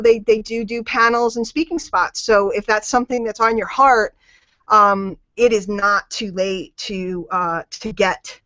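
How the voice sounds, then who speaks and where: A woman's voice: mid-range voice, fairly bright tone, no room sound, highs cut off. A woman coaching a network marketing team on a group call. She talks emphatically and repeats her key phrases for weight.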